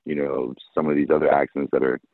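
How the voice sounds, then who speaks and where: A man with a very low voice chats casually, relaxed and joking, his sentences trailing into fillers. The sound is tinny and phone-like, dry with no room around it. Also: fast talker, no room sound. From United States. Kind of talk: casual chat.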